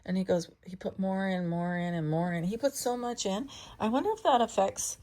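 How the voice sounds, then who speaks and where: A woman casually telling a meandering personal story to her cat, chatty and full of restarts, sometimes dropping to hushed asides. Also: medium pitch, fairly quick. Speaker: vlogger talking to her cat.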